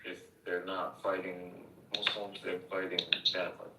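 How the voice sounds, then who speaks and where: A man's voice: sits low, monotone, normal speed, creaky, very noisy. A young man in casual chat, blunt and joking with plenty of profanity, heard on a roomy, distant mic.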